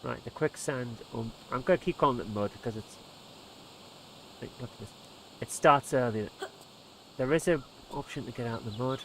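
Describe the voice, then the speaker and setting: A man's voice: medium pitch, normal speed, pauses often, fairly bright tone, a little hiss or hum. A man commentating casually on his gameplay as a let's play host, exasperated and muttering under his breath.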